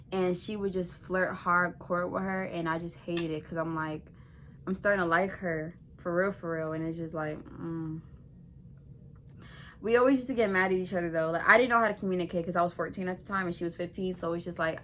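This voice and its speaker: A young woman vlogger telling a personal story in a casual, animated way, full of slang and swearing. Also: medium pitch, slight background noise.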